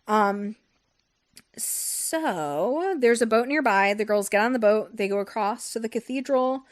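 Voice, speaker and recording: A woman's voice: medium pitch, lively intonation, moderate pace. A young woman hosting a book podcast, recapping the story in a loose, profane, filler-heavy chat. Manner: rambling and profane, with many fillers like "like" and "um". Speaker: podcast host recapping a novel. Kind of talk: casual chat.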